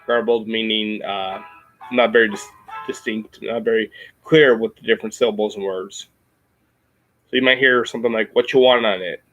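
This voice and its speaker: A man with a Midwestern American accent, explaining things in a casual chat, halting with many ums and restarts. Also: fairly low pitch, fairly even intonation, fairly bright tone, soft background music, rough recording. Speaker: podcast host.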